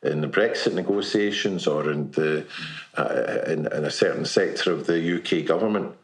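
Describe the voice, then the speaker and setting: Deep-voiced hesitant man in a roomy echo. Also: moderate pace. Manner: hesitant, many restarts and fillers. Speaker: newspaper journalist. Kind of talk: casual round-table chat. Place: kitchen table.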